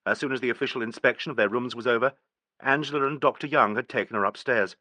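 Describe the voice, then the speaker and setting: A man narrating an audiobook in a steady, even storytelling manner. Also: mid-range voice, fast, no room sound. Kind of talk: scripted narration.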